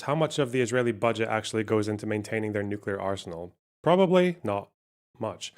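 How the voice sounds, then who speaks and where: A man's voice: on the low side, animated, brisk. A man hosting a casual livestream, reading donations and reacting with sarcasm and swearing. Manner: sweary, sarcastic, laughs often. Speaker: livestream host.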